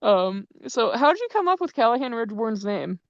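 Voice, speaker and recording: Woman, interview host, playful, giggly, gravelly fry, dull dry recording. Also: fairly high pitch, very animated, a little fast, no echo. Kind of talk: casual interview.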